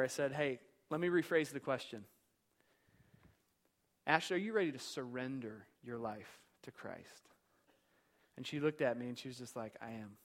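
A man preaching a sermon as pastor, telling a story with passion, swinging from hushed to loud. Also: fairly high pitch. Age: young adult.

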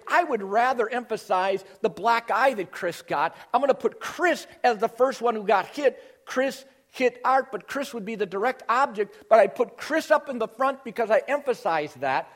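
High-voiced man preaching an emphatic sermon. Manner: emphatic teaching, shifting from loud stresses to quiet intensity. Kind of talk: expository sermon.

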